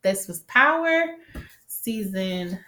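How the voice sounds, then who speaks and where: A woman giving a casual, animated show recap, swearing freely and acting out the characters' lines, with a stuffy nose from allergies. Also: mid-range voice, slow pace, noisy background. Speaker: TV recap vlogger.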